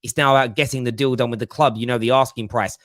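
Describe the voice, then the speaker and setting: Guy hosting football chat, rambly and animated, dry close sound. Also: medium pitch, quick pace, no echo. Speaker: podcast host.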